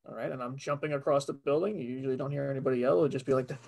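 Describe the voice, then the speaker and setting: A man's voice: mid-range voice, fairly even intonation, very fast, vocal fry, a little mellow. A man, a voice actor, chatting casually on a podcast and swearing freely. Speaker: voice actor guest.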